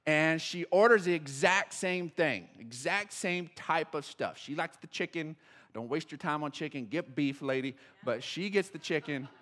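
A middle-aged male pastor with a fairly high voice preaches a sermon. He tells a story that jumps from loud, excited bursts to quiet, low asides. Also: moderate pace.

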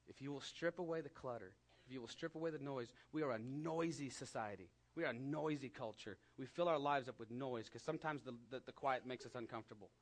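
A man with a West Texas accent preaching a sermon in a conversational way, rising to emphatic peaks and dropping to hushed asides. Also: mid-range voice, expressive, fast talker, few pauses. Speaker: pastor.

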